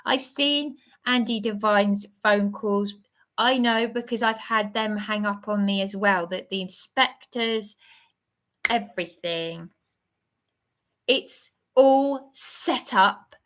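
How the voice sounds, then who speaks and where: Agitated middle-aged woman from England on a livestream, slow and rambling with many restarts. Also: fairly high pitch, a bit bright. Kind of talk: emotional livestream monologue.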